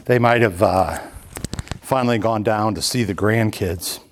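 A man with a lowish voice leads a Bible study, reading a commentary aloud and explaining it unhurriedly with lots of ums and uhs. Background noise can be heard.

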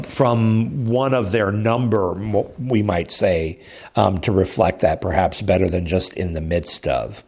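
A man teaches a Bible class in an easygoing lecture. His voice sits low and slightly husky. He speaks conversationally, with frequent fillers and restarts.

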